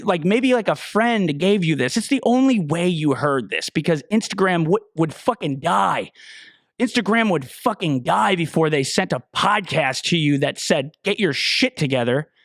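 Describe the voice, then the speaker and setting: A man's voice: sits high, a bit bright, no room sound, clean studio sound. A man hosting a podcast, a personal trainer ranting bluntly and profanely with lots of fillers. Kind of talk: profane solo rant.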